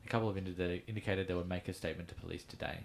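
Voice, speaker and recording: A man's voice: low voice, fairly even intonation, rapid-fire, gravelly, slight background noise. An Australian man on a podcast who reads out a news item and then tells his own story in casual chat, with fillers as he goes.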